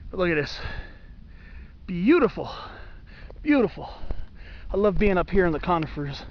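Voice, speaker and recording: A man with a high voice narrates his mountain hike outdoors, gushing about the trees to his camera. The sound is dull and lo-fi, with faint outdoor noise behind him. He talks casually and eagerly as he walks the trail. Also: very animated, normal speed. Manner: enthusiastic, gushing over the trees, talks to the camera while walking. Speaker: hiker filming his hike. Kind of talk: casual hiking vlog narration.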